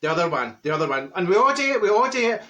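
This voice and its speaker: Casting: man as a mouthy middle-aged Glaswegian woman, high bright voice, blunt and mocking comedy monologue. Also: sing-song, rapid-fire. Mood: ranting. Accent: Glaswegian Scottish. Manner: gossipy, blunt, mocking asides. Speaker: comic character monologue.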